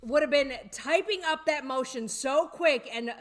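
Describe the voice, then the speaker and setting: A woman's voice: high voice, measured pace. A woman co-hosting a livestream, chiming in and reading out chat comments. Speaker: co-host of a livestream.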